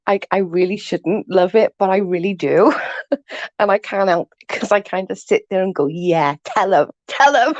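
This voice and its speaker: A woman's voice: mid-range voice, normal speed, a little mellow, dry recording, highs cut off. A woman chatting casually with her viewers, giggling often and swearing freely.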